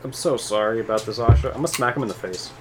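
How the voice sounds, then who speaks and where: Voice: mid-range voice, fast talker. Give me a hesitant, joking tabletop player with a noisy recording. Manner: hesitant, filler-heavy, swearing and joking. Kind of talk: casual tabletop game play.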